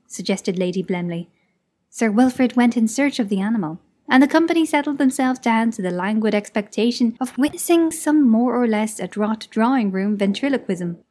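A woman narrating a classic short story as an audiobook in a measured, expressive reading. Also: a little high.

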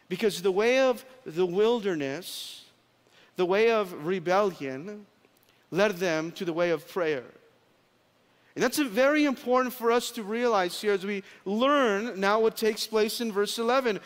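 A pastor preaching a sermon at a conference, emphatic, slowing and dropping low on key phrases. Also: male voice, a bit bright. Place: large conference hall. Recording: long hall reverb.

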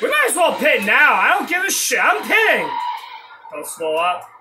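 A man giving casual commentary while playing a racing game, excitable and swearing at setbacks. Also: very high voice, normal speed, noisy background. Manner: excitable, swears when frustrated, shouts at setbacks.

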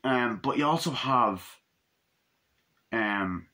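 A man giving a casual, rambling film review. He swears freely and often acts out scenes in quick, higher voices. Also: animated, bright, forceful tone.

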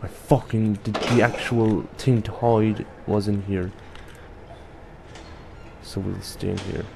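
A man's voice: fairly low pitch, fairly even intonation, takes it slowly, gravelly, background noise. Jumpy young man doing horror game commentary. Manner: jumpy, swears a lot, talks to viewers. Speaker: gaming youtuber. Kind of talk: let's play commentary.

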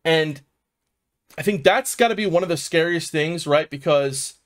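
A man's voice: fairly high pitch, moderate pace. Profane rambling Philly guy. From South Philadelphia, USA. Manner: rambling and profane, fills with "man" and "dude". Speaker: vlogger telling his own recovery story. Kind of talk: casual personal storytelling.

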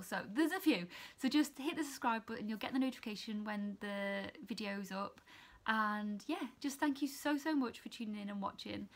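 Chatty upbeat woman vlogger. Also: on the high side. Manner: chatty and upbeat, with quick run-on sentences. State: tearful with happy excitement. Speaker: student nurse vlogger. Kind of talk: casual vlog chat.

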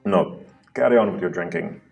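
A man voicing the king's sarcastic, jealous brother with a mocking, drawn-out delivery. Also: deep voice, creaky, recorded from a distance, muffled recording, soft background music. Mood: sneering.

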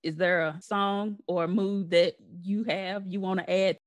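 A woman's voice: medium pitch, fairly even intonation, measured pace. A woman hosting her own podcast, chatting casually with her brother and laughing often. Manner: laughs often, warm sign-off patter. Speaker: podcast host. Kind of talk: casual chat.

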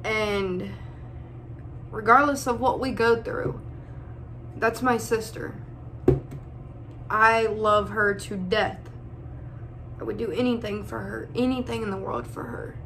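Slow, tearful young woman vlogger. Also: mid-range voice, steady tone, fairly bright tone, a little hiss or hum. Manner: tearful, holding back crying, pausing often; addresses viewers as y'all. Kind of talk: emotional personal vlog.

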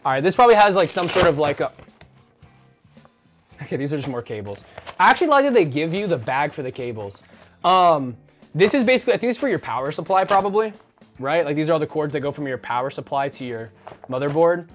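A man's voice: a little high, very animated, fast. A man streaming casually, rambling and joking as he talks to his chat and swears now and then. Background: faint background music.

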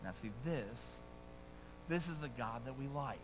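A middle-aged male pastor preaching a sermon in a playful, self-mocking way, joking with the congregation and swinging between hushed asides and loud bursts. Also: mid-range voice, expressive, a little slow, background noise.

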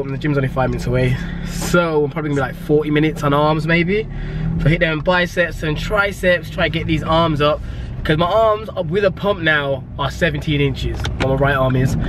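A man's voice: a little high, background noise. A young man, chatting casually and upbeat in a fitness vlog, rambling with fillers. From England. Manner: relaxed voice-over explaining exercises. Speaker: fitness vlogger. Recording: music playing under the voice.

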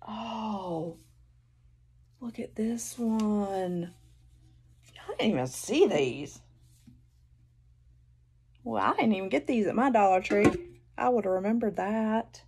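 Southern woman, gravelly voice, slow and gushing, unboxing haul chat. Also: mid-range voice, a little mellow. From North Carolina, US. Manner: gushing, exclamatory, addresses viewers as y'all. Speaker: haul vlogger. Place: indoors at home, seated in a chair. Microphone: phone.

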